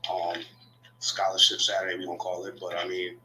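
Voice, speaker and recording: A man hosting a livestream debate in loose slang, giving shout-outs and laying out the rules. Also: deep voice, completely flat delivery, a little fast, a little hiss or hum, low-quality recording. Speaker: debate host. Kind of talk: casual hype-style livestream hosting.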